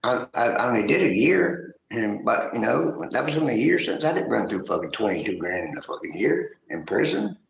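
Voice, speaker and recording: A man's voice: medium pitch, sing-song, brisk, creaky, few pauses, echoey room, poor audio. A man telling rambling, profane stories in casual chat.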